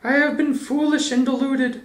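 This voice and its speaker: A man voicing a simple, cheerful young male bear in a high, innocent voice, for a storybook reading. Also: little pitch movement, normal speed, distant mic. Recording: roomy echo.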